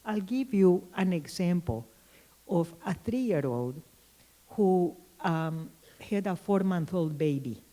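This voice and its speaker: A woman giving a conference keynote lecture, telling anecdotes in a thoughtful way with frequent pauses and restarts. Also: lowish voice, expressive, mellow, poor audio. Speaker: keynote speaker.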